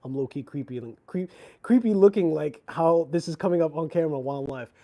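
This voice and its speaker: A man's voice: fairly high pitch, a little fast, dark tone. A man hosting a casual livestream about watches, talking in a chatty, slangy, rambling way with frequent restarts. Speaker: watch channel host.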